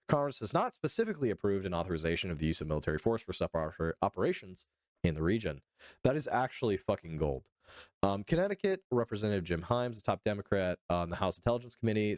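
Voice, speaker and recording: A young Arizona streamer with a low, darkish voice hosts a casual political livestream. Between reading articles aloud, he chats with viewers by name and tosses out loose, profane asides. The recording is dry and studio quality.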